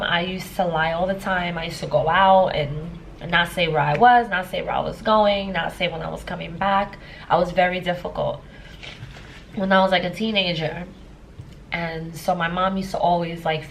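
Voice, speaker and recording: A woman's voice: lowish voice, slight background noise, low-quality recording. A woman in her thirties, a life coach, telling a personal story in a casual vlog, emotional and rambling with many fillers. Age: 30s. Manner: emotional, tearful at times.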